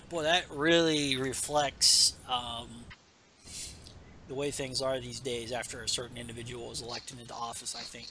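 Bright-voiced rambling podcast host. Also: male voice, mid-range voice, level tone, moderate pace, a little hiss or hum. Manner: rambling, many fillers, self-deprecating asides. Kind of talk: casual chat recapping a comic book.

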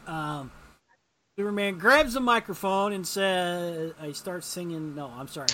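A man's voice: fairly high pitch, measured pace, background noise. Rambling man retelling a comic, voicing its lines. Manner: rambling, acts out character lines in raised voices. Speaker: podcast co-host recapping a comic. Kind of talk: casual chat.

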